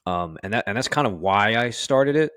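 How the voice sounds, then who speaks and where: A man with a low voice works through fire-service stories in an interview. He speaks candidly, swears freely and acts out what his old officers said. The sound is dry and close. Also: animated, moderate pace, fairly bright tone, dry recording. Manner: candid and profane, heavy use of "you know". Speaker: firefighter officer guest. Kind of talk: casual interview storytelling.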